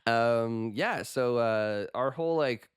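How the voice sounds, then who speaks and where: A man's voice: mid-range voice, slow pace, clean tone. A man talking as a guest on a podcast, upbeat and playful, cracking jokes in casual chat. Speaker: guest musician, lead singer.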